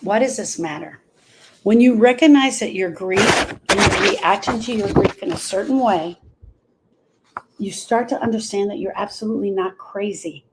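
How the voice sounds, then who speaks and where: A woman's voice: medium pitch, moderate pace, breathy edge. A woman talking earnestly as a grief coach on a live stream, repeating phrases for emphasis.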